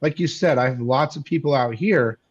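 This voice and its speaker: A man with a middling pitch talks in a friendly, businesslike way about running his shop. His voice comes through a dull, muffled, lo-fi line. He speaks plainly and directly. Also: normal speed. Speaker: comic shop owner and video maker. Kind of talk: casual podcast chat.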